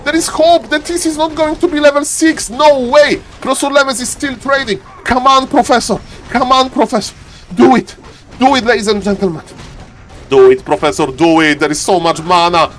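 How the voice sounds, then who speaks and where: A man giving live esports commentary as a streaming caster. He moves from calm chatter straight to viewers into bursts of repeated, high-pitched shouting when the action heats up. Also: slight background noise.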